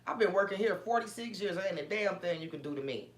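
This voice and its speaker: A woman quoting a dismissive older female postal clerk in a flippant tone, a little higher than her usual voice. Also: animated, quick pace, reverberant, close to an everyday voice.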